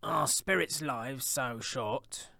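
A man voicing an elderly miser who has softened, speaking eagerly and pleadingly. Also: mid-range voice, slow pace, creaky, dry recording, voice pushed up, exaggerated voice.

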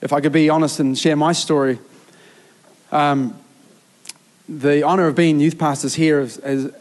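Earnest youth pastor preaching. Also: male voice, a little high, steady tone, normal speed, darkish tone. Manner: earnest and emphatic, with filler restarts. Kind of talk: sermon.

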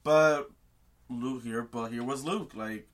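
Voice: mid-range voice, takes it slowly. A podcast co-host animatedly retelling a book chapter in casual chat, swearing freely and acting out the characters.

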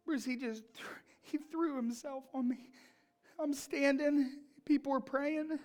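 Storytelling woman preacher, higher voice. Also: steady tone, unhurried, a little mellow. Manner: storytelling, emphatic, builds to fervent pleading. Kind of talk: sermon.

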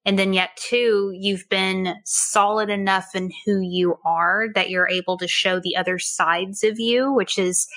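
A woman's voice: mid-range voice, fairly even intonation, measured pace, gravelly, hardly any pauses. A woman hosting an interview, asking reflective questions and affirming her guest often. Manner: warm affirming, frequent "mm" and "amen". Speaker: interview host.

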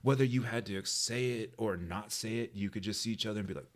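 A man's voice: lowish voice, fast. A man from New Mexico, co-hosting a podcast, telling a childhood story in casual chat and acting out the people in it. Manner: animated storyteller acting out quoted voices. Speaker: podcast co-host.

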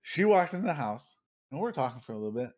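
A man in his thirties co-hosting a casual podcast, telling profane, animated stories and acting out what other people said. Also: mid-range voice, fast. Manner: profane, animated storytelling with acted-out quotes. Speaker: podcast co-host.

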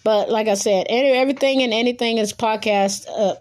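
A woman's voice: on the high side, darkish tone. A woman hosting her own podcast in casual solo chat, rambling and correcting herself, a little nervous. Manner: rambling, self-correcting, hurried plugs. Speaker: podcast host.

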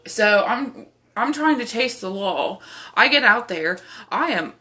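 This young woman hosting a podcast sounds animated, pushed, and bright, with a fairly high pitch and a measured pace. She's casually recounting a rambling personal story, swearing and using lots of fillers.

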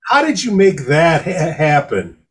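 A man's voice: on the high side, sing-song, a little slow, husky. A man co-hosting a casual podcast, joking and teasing the guest. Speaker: podcast co-host.

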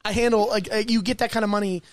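A man's voice: sits high, steady tone, quick pace, no echo. A man hosting a casual podcast chat, telling a long story and swearing freely as he goes. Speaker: podcast host.

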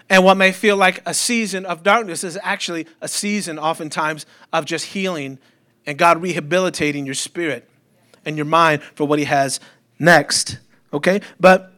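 A man delivers a Sunday sermon in a church with a high, bright voice. He preaches in a loose, conversational way, tossing rhetorical questions and light jokes to the congregation. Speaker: pastor.

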